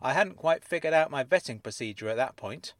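A man voicing a sharp-tongued middle-aged woman fraudster who speaks in a measured, wry way. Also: mid-range voice, animated, no room sound, natural voice.

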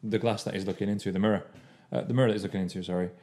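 A man's voice: on the low side, fairly even intonation, very fast, dark tone. A man co-hosting a casual podcast chat, rambling through stories with many restarts. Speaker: podcast co-host.

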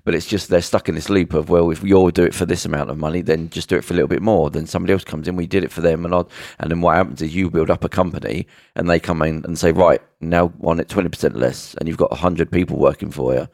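Brief: low, gravelly male co-host, casual, halting storyteller, dry close sound. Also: fairly even intonation, a little mellow, no room sound. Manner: rambling, halting retelling with many fillers and restarts. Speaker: podcast co-host. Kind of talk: casual chat.

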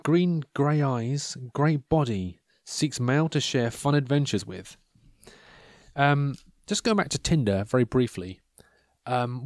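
A man musing aloud in a loose, digressive way, dropping dry asides as he reads personal ads. His voice sits at an ordinary middle pitch. The sound is close and dry, with no room echo at all. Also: darkish tone. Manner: wry, rambling, digressive commentary. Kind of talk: casual monologue reading out personal ads. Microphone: handheld or desk microphone.

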